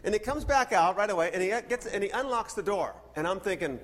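Brief: male pastor, high voice, lively storyteller, echoey church hall. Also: brisk, hardly any pauses, a little hiss or hum. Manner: animated storyteller, acts out dialogue. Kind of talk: sermon with personal storytelling.

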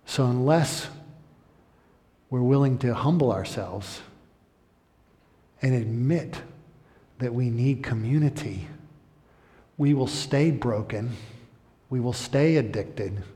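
A man's voice: medium pitch, slow, pauses often. Impassioned male pastor preaching in a hall. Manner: impassioned, building to loud emphatic peaks. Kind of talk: sermon. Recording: echoey hall.

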